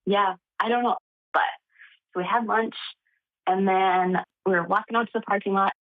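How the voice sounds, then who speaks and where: A young woman guest telling a story in a casual interview, animated and laughing as she talks. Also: medium pitch, moderate pace. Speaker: podcast guest. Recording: tinny phone-like line.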